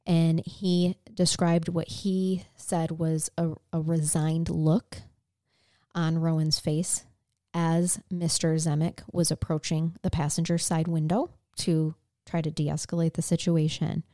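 Speaking slowly in a low, mellow voice with little pitch movement, a woman co-hosting a podcast recounts a true crime case. She is earnest, conversational, and emotionally moved. The recording is dry and studio quality.

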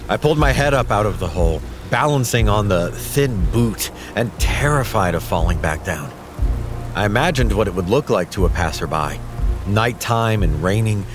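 A man reading a horror story aloud in a steady, measured storytelling manner. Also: fairly low pitch. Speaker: narrator. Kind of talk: scripted horror narration. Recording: music under the voice.

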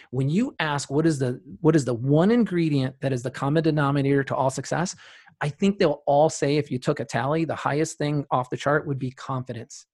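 A man guest on a podcast, telling stories from running a practice with emphatic repetition and loud rising bursts. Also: a little high. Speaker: guest, practice owner and CEO. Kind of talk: podcast interview storytelling.

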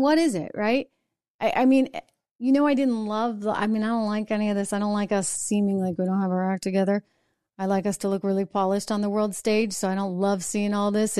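A woman's voice: medium pitch, a little mellow, dry recording, clean studio sound. A woman hosting her own show, delivering an emphatic political commentary monologue full of rhetorical asides. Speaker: show host.

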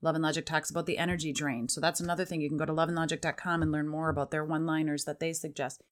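A woman's voice: low-pitched, level tone, racing. A woman hosting a parenting podcast, chatting casually and acting out parent lines in a raised voice. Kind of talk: casual solo podcast talk.

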